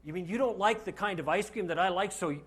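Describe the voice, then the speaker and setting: A man's voice: sits high, fast, a bit bright. A man giving a classroom lecture to a live audience, joking and putting rhetorical questions to the class.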